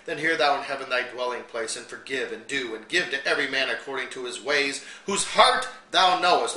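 A man preaching a sermon, reading scripture aloud and breaking off into lively asides with small chuckles. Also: mid-range voice, echoey room. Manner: reads King James verses, then breaks in with lively asides and chuckles.

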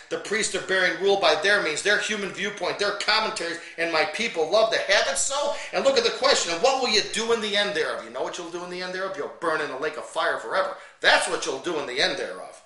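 A man's voice: a little high, sharp tone, reverberant, distant mic, rough recording. Fiery man preaching a Bible lesson. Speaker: Bible teacher.

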